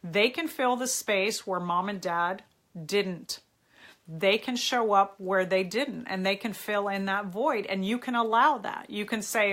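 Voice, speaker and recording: Bright, earnest woman giving advice. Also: medium pitch, unhurried. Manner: earnest and encouraging, chats with viewers between points. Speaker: host answering viewer questions on a live stream. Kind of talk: casual live-stream advice talk.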